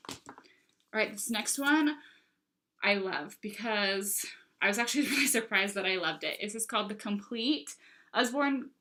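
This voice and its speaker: A woman's voice: medium pitch, lively intonation, moderate pace, sharp tone, a little hiss or hum, poor audio. A young woman who shows off books to camera in a casual, gushing and enthusiastic way. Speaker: book consultant showing books. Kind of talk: casual product show-and-tell.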